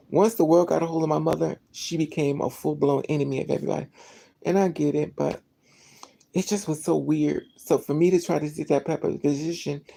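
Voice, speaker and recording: Gravelly, mellow-voiced rambling storyteller. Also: medium pitch. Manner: rambling, animated, acts out dialogue, many restarts. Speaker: vlogger. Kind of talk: casual storytelling monologue.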